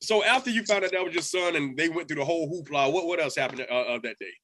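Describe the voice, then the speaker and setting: A man's voice: fairly high pitch, fast. A man hosting a podcast interview, reacting emphatically and asking pointed questions. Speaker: podcast host. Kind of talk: interview and channel promo.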